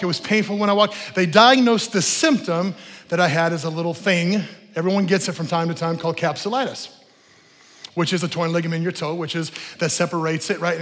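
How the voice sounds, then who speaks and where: A middle-aged man preaching a sermon as pastor in a church, animated, telling stories and acting out what people say. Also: fairly high pitch. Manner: animated preaching, storytelling with voiced asides. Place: church sanctuary. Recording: long hall reverb.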